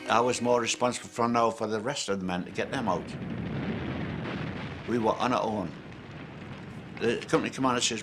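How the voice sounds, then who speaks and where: A man's voice: mid-range voice, fairly quick, pauses often, background noise. An older man recalling wartime in an interview, plain and matter-of-fact. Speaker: veteran interviewee. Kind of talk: reminiscing interview.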